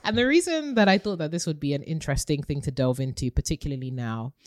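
A woman co-hosting a podcast, talking to listeners in a warm, sisterly way in a casual chat. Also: low voice, expressive, fast, no echo, studio quality. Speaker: podcast co-host.

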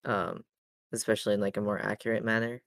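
A woman's voice: very deep voice, steady tone, quick pace, gravelly, no room sound. A woman co-hosting a podcast in casual chat, rambling and searching for her words as she explains. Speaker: podcast co-host.

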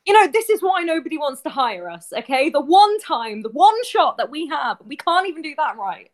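A woman's voice: high-pitched, big pitch swings, fairly quick. A woman performing an improv comedy scene, exasperated and bossy, swearing at her partner.

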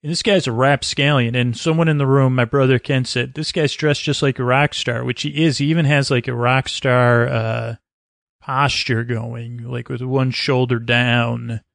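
A man hosting a sleep podcast, recapping a TV episode in a meandering, low-key way that trails off mid-sentence. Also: steady tone, normal speed, gravelly, fairly bright tone, dry recording, clean studio sound. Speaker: podcast host.

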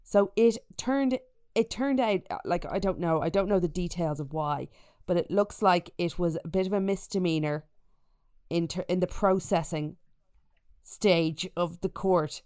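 A woman's voice: lowish voice, a little slow, dark tone, clear, resonant tone, no room sound, studio quality. A woman hosting a podcast over a remote call from a rented holiday home, chatting casually and jokingly and laughing often. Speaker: podcast host. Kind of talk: casual chat.

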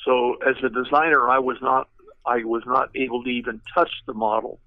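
A man's voice: mid-range voice, flat delivery, fairly quick, dry recording. An older man, a retired car designer, telling stories in a rambling way with many fillers and restarts. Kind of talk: anecdotal storytelling. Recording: tinny phone-like line, dry.

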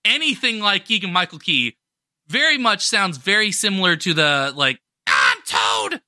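A man's voice: high voice, animated, moderate pace, sharp tone, dry recording, studio quality. A man cohosting a podcast, chatting enthusiastically about a movie and often restarting his sentences. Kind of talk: casual chat.

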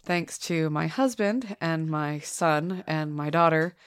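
Low-voiced sick woman hosting a podcast. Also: takes it slowly, smooth, no echo. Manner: playful, jokey delivery. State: sick with a sore throat. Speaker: podcast host. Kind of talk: casual podcast chat.

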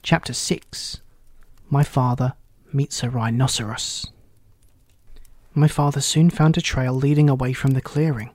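A man narrating a children's storybook aloud in a steady, clear reading voice. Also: medium pitch, a little slow, long pauses, dry recording.

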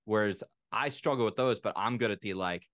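A man's voice: lowish voice, fairly bright tone, no room sound, clean studio sound. A man hosting a podcast in casual chat, telling teasing stories about his co-host. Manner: laughing, teasing storyteller, quick to chuckle.

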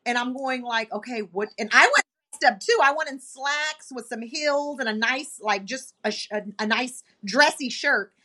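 A woman with a bright, forceful voice sits a touch high in her range as she tells a story in a relaxed podcast chat. She slips into the voices of the people she quotes, keeping the telling animated. Her delivery is lively and conversational. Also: normal speed. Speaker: podcast co-host.

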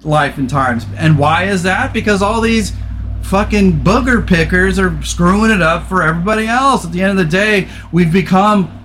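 Animated, higher-pitched podcast host man. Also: normal speed, faint music behind. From California. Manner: animated, swears, laughs often. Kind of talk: casual chat.

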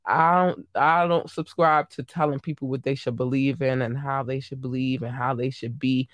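A gushing, affectionate podcast host in casual livestream chat, calling listeners babies and darlings. The voice sits at a middling pitch but leaps from low murmurs to high squeals. The sound is dry and close, with no room around it. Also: fairly even intonation, normal speed, no room sound.

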